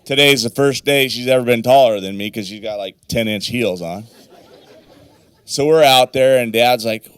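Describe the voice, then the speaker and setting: A man's voice: mid-range voice, normal speed, a bit bright, smooth, no echo, some chatter behind. A middle-aged man, the father of the bride, giving a rambling, folksy wedding toast and getting choked up now and then. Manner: rambling folksy storytelling, swears casually; emotional, voice wavers near tears. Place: wedding reception.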